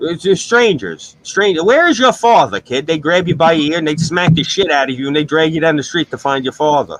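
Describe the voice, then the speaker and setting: A middle-aged man, hosting a stream with crude, animated storytelling. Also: on the high side, a little fast, poor audio. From New York. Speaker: stream host. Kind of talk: casual profane chat.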